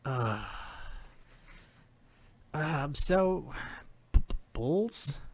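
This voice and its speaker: A man's voice: on the high side, expressive, very slow, creaky, husky. Laid-back man talking sports. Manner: laid-back, hesitant with fillers, jokey. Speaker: podcast co-host. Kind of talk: casual sports talk chat.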